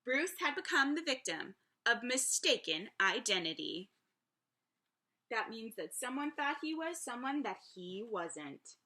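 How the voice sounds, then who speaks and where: A woman's voice: fairly high pitch, big pitch swings, unhurried, sharp tone. A woman teacher reading a picture book aloud to young children, with chatty asides to her listeners. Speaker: preschool teacher.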